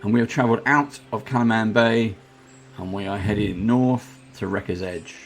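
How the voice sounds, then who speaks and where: A man acting as game master, narrating a tabletop game in a measured, explanatory way with hesitations. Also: fairly low pitch, slight background noise.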